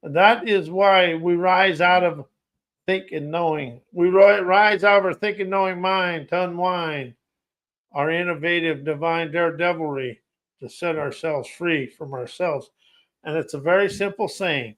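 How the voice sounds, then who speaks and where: A man's voice: sits high, unhurried, fairly bright tone. A man hosting a podcast, delivering a rhythmic, poetic motivational monologue full of listed words. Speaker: podcast host. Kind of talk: spoken-word motivational monologue.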